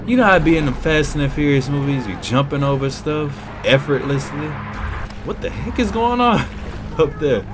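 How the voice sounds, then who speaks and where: Excitable young gamer guy, lively voice. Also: fairly high pitch, moderate pace. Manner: excitable, yelling at the game. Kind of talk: let's play commentary. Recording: game music behind.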